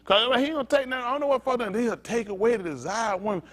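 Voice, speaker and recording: Animated male preacher, lively pitch. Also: fast. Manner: animated, joking, talks straight to the congregation. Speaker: pastor. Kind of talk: conversational sermon. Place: synagogue congregation.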